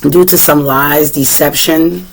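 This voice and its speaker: This tarot reader is a Boston-accented woman who chats loosely through a casual reading, asks the cards questions aloud, and keeps clearing her throat. She speaks low, slow, and steady, and the audio quality is rough.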